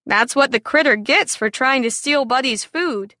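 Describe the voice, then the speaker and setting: A woman playing a laid-back farm boy from a children's storybook, offhand and teasing. the voice stays high and bright. it moves slowly and sits close and dry. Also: dry recording.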